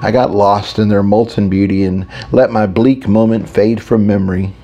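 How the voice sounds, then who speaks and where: A man narrating a first-person audiobook. His voice is low and mellow, with a warm, soft edge. He reads in an intimate, reflective storytelling manner. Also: steady tone, moderate pace, lo-fi sound.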